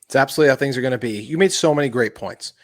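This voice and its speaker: A man's voice: mid-range voice, rapid-fire. A man hosting a sports podcast, chatting in an upbeat way and steering the talk from one topic to the next. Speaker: podcast host. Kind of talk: casual sports chat.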